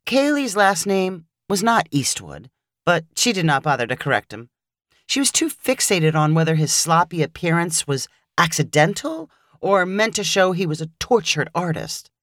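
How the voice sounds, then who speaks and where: A woman narrating a short story in a wry, expressive storytelling manner. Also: on the low side, normal speed, no echo, studio quality.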